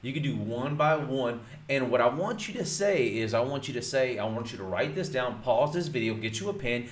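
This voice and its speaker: A man's voice: mid-range voice, expressive, normal speed, hardly any pauses. A man teaching real estate wholesaling in casual talk, emphatic and repetitive, calling his viewers folks. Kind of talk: casual instructional talk to camera. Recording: roomy echo.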